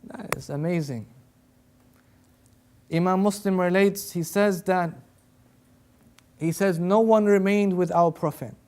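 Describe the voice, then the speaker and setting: A man's voice: high voice, steady tone, unhurried, a little mellow, clean tone. A man giving an Islamic sermon, earnestly retelling stories with quoted dialogue. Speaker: Islamic lecturer. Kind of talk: sermon with storytelling.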